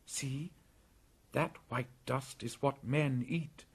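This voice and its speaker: A man voicing Mowgli, a proud, fierce boy raised in the jungle, speaking in a lively, commanding way. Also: mid-range voice, takes it slowly, husky, pitched above the performer's own voice. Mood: earnest.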